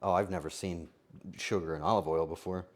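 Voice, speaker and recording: A man's voice: low voice, fairly even intonation, a little fast. A man streaming a game live, talking to himself with frantic, joking commentary.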